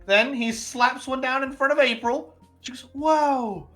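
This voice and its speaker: A streamer narrating a live tabletop role-play as game master with animated storytelling. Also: sits high, moderate pace, faint music behind.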